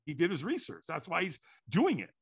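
A man telling a story in an animated way, acting out the quotes and sounds. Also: fairly high pitch, fairly quick, gravelly, slightly rough. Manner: lively, acts out quotes and sounds.

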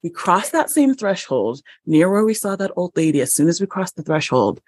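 A woman guest on a podcast, telling a story in an animated, chatty way with many fillers and laughs. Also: on the low side, normal speed, breathy edge, no echo, clean studio sound. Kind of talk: conversational storytelling.

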